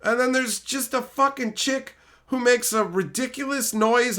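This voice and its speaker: A man's voice: extremely high pitch, measured pace, pushed and bright. A man streaming, telling a story in a casual rant, profane, exasperated and mocking.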